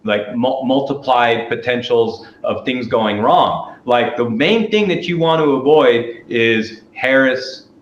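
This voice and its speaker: A man of middling pitch speaks as a talk-show guest, pressing his points emphatically and letting the odd curse slip. His voice rings in an echoey room. The sound is a little dull and lo-fi, with a faint hiss underneath. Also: slow pace, hardly any pauses. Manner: emphatic, argumentative, profane. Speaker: guest commentator. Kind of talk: casual political chat.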